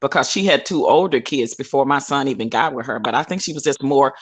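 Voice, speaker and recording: A woman's voice: very deep voice, expressive, quick pace, no echo. A middle-aged grandmother chatting frankly in a group talk, telling family stories in an earnest, direct way. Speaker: panelist. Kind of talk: casual group chat.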